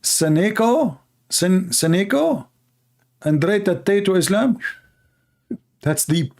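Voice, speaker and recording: Sarcastic male livestream host, slightly high. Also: expressive, takes it slowly, vocal fry, darkish tone. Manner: sarcastic, rambling storyteller with many fillers. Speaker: livestream host reacting to videos. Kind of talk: casual mocking commentary.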